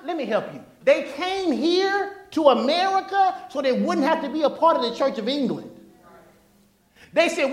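A male pastor preaching a sermon, animated, throwing call-and-response questions to the congregation. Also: very high-pitched, brisk. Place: church sanctuary. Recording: echoey church hall.

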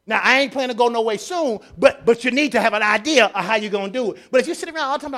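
A man preaching a sermon, repeating phrases and swinging from quiet asides to loud declarations. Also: very high voice, animated, fast, hardly any pauses. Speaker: pastor.

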